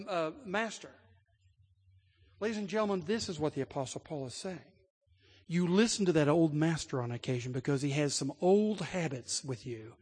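A man preaching a sermon with a notably high voice. His delivery moves from quiet storytelling to emphatic declarations. A long reverb from a large hall trails behind every phrase. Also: husky. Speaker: pastor.

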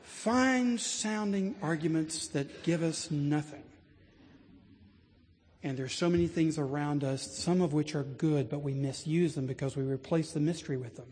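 Earnest preacher in a reverberant church. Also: male voice, on the high side, moderate pace, a little hiss or hum. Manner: storytelling, earnest, builds to animated emphasis. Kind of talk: sermon. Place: large church sanctuary.

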